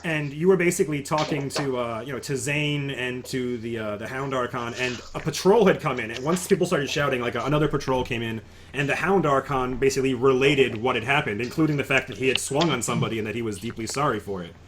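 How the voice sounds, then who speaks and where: A man's voice: mid-range voice, quick pace, background noise. A man narrating a tabletop game as game master, talking casually with frequent stammers and restarts.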